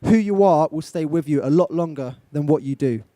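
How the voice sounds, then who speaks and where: Young english guy giving a pep talk on stage, bit high voice, dry sound, keeps asking the crowd stuff. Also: a little fast, warm tone, no room sound. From England. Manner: direct, coaching, asks the audience questions. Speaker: motivational speaker. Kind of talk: live motivational talk to a young audience. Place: event stage.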